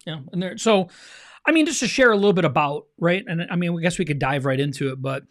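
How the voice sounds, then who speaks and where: A man's voice: a little high, animated, fast. A man in his thirties co-hosting a faith-based marriage podcast, talking in an earnest, conversational way and often checking in with "right?". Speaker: podcast co-host.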